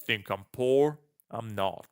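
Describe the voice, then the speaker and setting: A man voicing a blunt young male soldier in a visual novel game, with a deep, tame and calm voice. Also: takes it slowly, clear, resonant tone, no echo, studio quality. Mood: curt.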